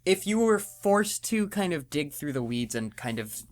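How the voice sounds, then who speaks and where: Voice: mid-range voice, very animated, normal speed. A co-host playfully quizzing a friend about a movie in a casual chat. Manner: playful interviewer, short reactions. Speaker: podcast co-host asking questions.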